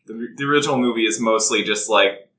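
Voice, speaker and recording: A man co-hosting a podcast, talking casually with relaxed, halting phrasing. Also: lowish voice. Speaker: podcast co-host. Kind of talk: casual chat. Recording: roomy echo.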